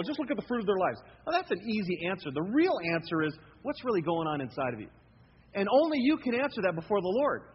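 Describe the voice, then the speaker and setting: A man preaching a sermon as pastor, lively and acting out his listeners' thoughts. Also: high-pitched. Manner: animated preaching, acts out listeners' inner voices. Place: church hall. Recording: lo-fi hall recording with faint noise.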